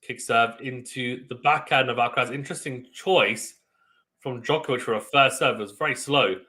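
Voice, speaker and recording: A young man calls a tennis match live for a watchalong stream, his voice bright and forward with a ringing edge. He moves from steady point-by-point description into sudden loud bursts of surprise. His pitch sits in an ordinary middle range. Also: moderate pace. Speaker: watchalong host.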